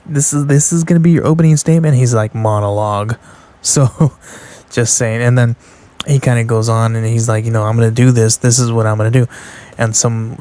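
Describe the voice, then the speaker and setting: A man hosting a podcast, recapping comic book panels in a casual, rambling way with many fillers and restarts, reading lines out loud. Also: mid-range voice. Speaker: podcast host reviewing comic books.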